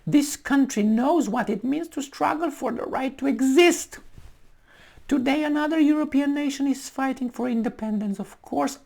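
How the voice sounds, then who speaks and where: A man putting on a high falsetto to mock a woman politician giving a solemn, overblown speech. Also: creaky, a little mellow, heavily acted.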